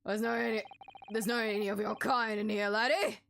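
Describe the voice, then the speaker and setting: A woman's voice: mid-range voice, steady tone, brisk, vocal fry, a bit bright, a little hiss or hum. A woman voicing a hostile, blustering older male prison governor, reading game dialogue aloud. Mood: dismissive. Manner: growling, threatening, blunt.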